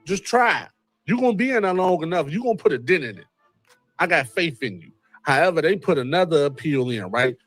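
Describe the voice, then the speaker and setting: A man hosting a casual commentary show, animated and wry, with a repeated catchphrase and joking asides. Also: on the high side, fairly quick, soft background music. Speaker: host. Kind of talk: casual commentary on a court case.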